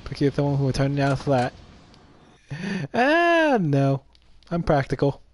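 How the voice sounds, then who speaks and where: A man's voice: mid-range voice, huge pitch swings, a little slow, a little hiss or hum. A young man streaming a game, reading its dialogue aloud playfully and commenting between lines with laughs.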